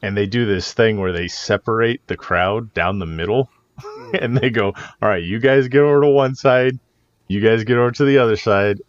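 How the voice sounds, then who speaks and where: A man's voice: on the low side, sing-song, moderate pace, no echo. A man co-hosting a podcast, telling concert stories in casual chat, swearing and laughing often. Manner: profane, laughing storyteller. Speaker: podcast co-host. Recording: muffled lo-fi podcast audio.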